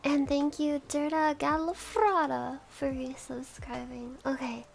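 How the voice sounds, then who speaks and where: A woman's voice: high voice, fairly even intonation, unhurried, gravelly, faint music behind. A woman streaming casual chat, giggly, thanking subscribers one by one. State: has the hiccups.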